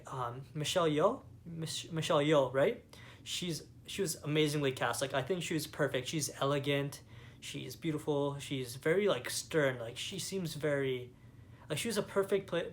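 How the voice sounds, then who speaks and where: A man's voice: a little high, a bit bright. A young man from Canada giving a casual movie review, rambling with lots of fillers and enthusiasm. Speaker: vlogger.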